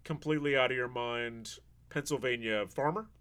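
A man hosting a podcast, chatting in a relaxed, rambling way. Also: mid-range voice, moderate pace, clear, resonant tone. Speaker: podcast host. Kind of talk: casual chat.

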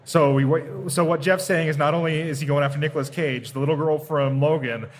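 A man's voice: a little high, fairly even intonation, fairly quick, slight background noise. A man co-hosting a podcast live at a comic convention, steering the chat with stammering restarts. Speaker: podcast co-host.

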